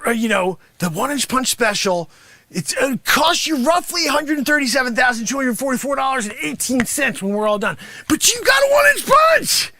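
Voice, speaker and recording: Guy putting on a loud pushy karate sensei, super high and bright, gravelly edges, dry close sound. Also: no echo, full character voice. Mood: boastful hustling. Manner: shouting, hard-selling, scolding. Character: brash loud-mouthed male karate sensei, greedy and bossy. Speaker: host. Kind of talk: improvised comic character monologue.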